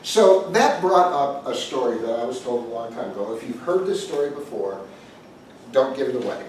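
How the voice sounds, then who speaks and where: Animated joking pastor, echoey room. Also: male voice, mid-range voice, normal speed. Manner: joking, animated storyteller, chats with the audience. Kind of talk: storytelling talk to a group. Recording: echoey room from a distant mic with faint noise.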